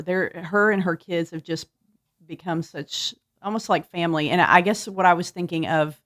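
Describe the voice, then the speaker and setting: A woman's voice: on the low side, dry recording, studio quality. A woman guest on a radio talk show, speaking thoughtfully and hesitantly with many fillers. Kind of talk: casual radio chat.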